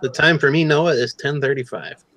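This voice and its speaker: A man's voice: medium pitch, moderate pace, a bit bright, a little hiss or hum, low-quality recording. A man hosting a casual live-stream chat, laid-back with joking asides. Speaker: host.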